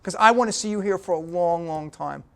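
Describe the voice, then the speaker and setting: Guy with a pretty high voice doing a motivational talk, blunt, keeps saying okay to the room. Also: a little fast, vocal fry, smooth. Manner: punchy, direct, talks to the audience with repeated "okay?". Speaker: guest speaker at a business breakfast. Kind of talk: motivational speech.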